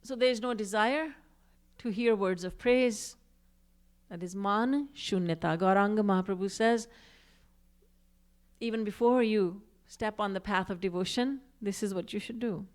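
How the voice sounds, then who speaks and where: A woman's voice: mid-range voice, unhurried. A woman giving a devotional discourse, reciting verses and acting out quoted speech with expression. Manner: recites Sanskrit and Hindi verses. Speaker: spiritual teacher.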